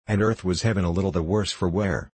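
A man narrating a novel in the first person with measured, wry storytelling. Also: low voice, steady tone, darkish tone, breathy edge, no echo, low-quality recording. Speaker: audiobook narrator.

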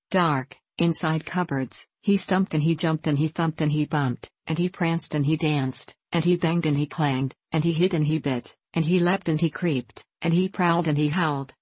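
A woman with a low, slightly husky voice reads a children's storybook aloud. Her cadence is slow and sing-song, savoring each line. The sound is dry and close. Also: darkish tone, no echo.

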